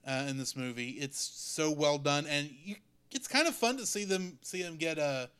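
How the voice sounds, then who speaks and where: A man's voice: a little high, moderate pace, fairly bright tone, clean tone. A man co-hosting a casual movie review chat, chatty and jokey, laughing at his own asides.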